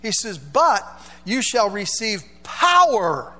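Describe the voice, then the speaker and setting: Taking his time, a male pastor preaches with huge pitch swings in a high, bright voice. The sermon is loose and conversational with call-and-response from the congregation, and the church adds a long echo over a faint hum.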